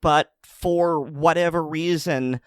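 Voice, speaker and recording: A man's voice: a little high, steady tone, slow pace, smooth, no echo, clean studio sound. A man co-hosting a podcast, retelling a news story in a casual, sardonic way. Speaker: podcast co-host. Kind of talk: casual chat.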